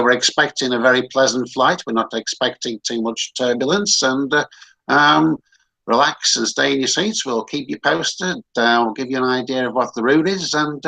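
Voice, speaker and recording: A man voicing a breezy male airline pilot making a jokey, deadpan intercom announcement in a put-on Australian accent. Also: medium pitch, gravelly, poor audio.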